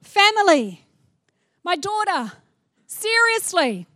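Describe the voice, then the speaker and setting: A middle-aged woman preaching a sermon, animated and playful, acting out little scenes as she goes. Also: very high-pitched, slow pace, no room sound, studio quality.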